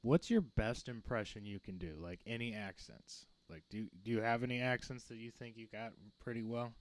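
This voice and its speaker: A man's voice: medium pitch, moderate pace, no room sound. A man co-hosting a comedy podcast, upbeat and slangy, joking around in casual chat. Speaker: podcast co-host.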